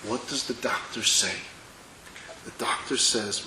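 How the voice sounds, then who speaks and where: A man, a rabbi, gives a religious lecture with dramatic storytelling, sometimes dropping to soft, intimate tones. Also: mid-range voice, normal speed, noisy background. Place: lecture hall with an audience. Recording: echoey lecture hall.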